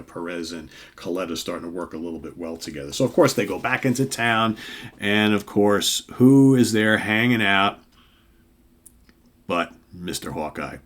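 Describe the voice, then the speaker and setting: An older man hosting a casual comic read-through, rambling and checking in with "right?" and "of course". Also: low-pitched. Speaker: comic book reviewer host.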